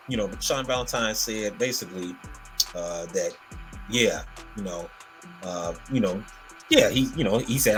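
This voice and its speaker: Animated, rambling male podcast host. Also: on the low side. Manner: animated, rambling storytelling with many fillers. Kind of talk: casual podcast chat.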